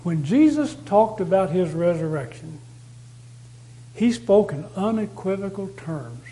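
Guy preaching a sermon, pretty high voice, leans hard on repeated lines. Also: lively intonation, measured pace, mellow, poor audio. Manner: emphatic, repeats key phrases for stress.

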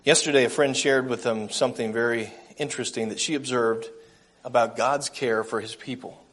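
Earnest man preaching a gentle sermon. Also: medium pitch, fairly even intonation, moderate pace.

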